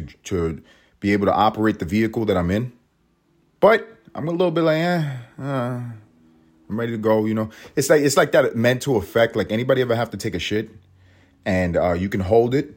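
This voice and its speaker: A man hosting a podcast, telling a story in an animated way and swearing constantly. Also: on the low side. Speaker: podcast host. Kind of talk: storytelling monologue.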